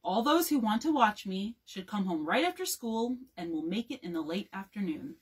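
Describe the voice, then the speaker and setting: A woman's voice: medium pitch, very animated, moderate pace, slightly rough. Woman doing a boastful family father. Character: confident, showy father of a big family.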